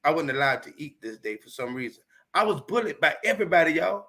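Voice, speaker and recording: A man in his fifties from Chicago, speaking with a high, bright voice. He tells stories from his childhood in a lively, swearing, emphatic manner and keeps pressing each point hard. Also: quick pace. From Chicago, United States. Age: 50s. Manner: animated, profane, emphatic. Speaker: comedian guest. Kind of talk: candid storytelling.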